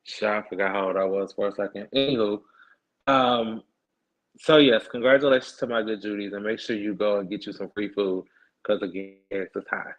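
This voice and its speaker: Podcast host: sassy, chatty man, low voice, muffled lo-fi stream sound. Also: steady tone, normal speed. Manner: sassy, chatty, slangy asides. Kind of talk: casual livestream chat. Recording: dull lo-fi stream audio.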